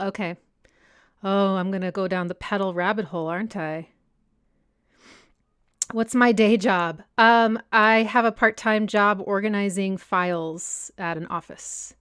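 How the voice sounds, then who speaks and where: A young woman who runs a music analysis channel hosts a casual livestream Q&A, reading viewer comments aloud and answering them chattily. Her mid-range voice is a bit bright, clear, and resonant, captured studio-quality on a personal desk mic with no room sound.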